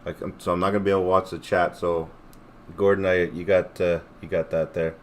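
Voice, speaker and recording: A man's voice: low-pitched, little pitch movement, brisk, a little hiss or hum. A man hosting a casual livestream, rambling and joking and swearing a lot as he talks to his chat. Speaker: livestream host.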